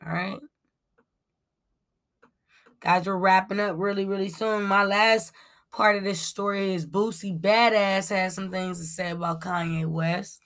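A woman with a medium-pitched, slightly bright voice hosts a casual celebrity gossip commentary, speaking a little slowly with a steady tone and frequent pauses. She's blunt, says um often while reading her notes, swears freely, and says y'all to viewers.

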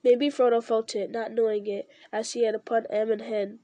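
Mellow woman reading a novel aloud. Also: on the high side, moderate pace, no echo. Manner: steady, occasional slips and restarts. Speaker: reader.

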